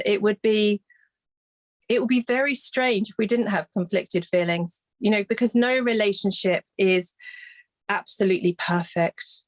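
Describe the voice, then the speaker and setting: With a mid-range voice, a grief recovery specialist explains things gently in an interview. She keeps a soft, even pace but often stops, starts over and gropes for the right words.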